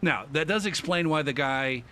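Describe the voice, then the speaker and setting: A man streaming a game, telling a story in a casual, laid-back way, swearing constantly and filling pauses with um. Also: fairly high pitch, expressive, pushed and bright.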